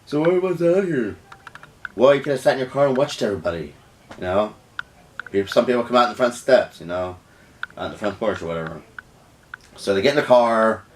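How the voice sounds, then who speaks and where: A man's voice: fairly low pitch, expressive, fast talker, pauses often, distant mic, slight background noise. A man casually telling a storytime tale, rambling with lots of restarts and "you know"s. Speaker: vlogger.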